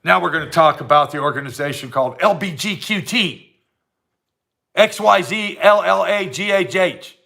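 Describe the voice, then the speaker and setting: A man's voice: high voice, expressive, normal speed, vocal fry, sharp tone. A man delivering a heated, blunt ranting monologue to camera, repeating his points for emphasis. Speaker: vlogger.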